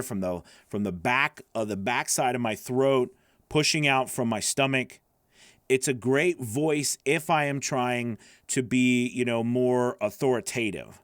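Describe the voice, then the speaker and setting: A man teaching voice acting in a loose, rambling way, with a slightly nasal, gravelly voice, often stopping to ask "okay?" or "right?". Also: mid-range voice, measured pace, no room sound, studio quality. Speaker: voice acting coach. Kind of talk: casual teaching to camera.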